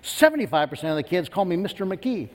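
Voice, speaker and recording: Animated pastor preaching in a reverberant hall. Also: male voice, high voice, fast talker. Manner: animated storytelling with lively quoted voices. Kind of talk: sermon. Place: church sanctuary.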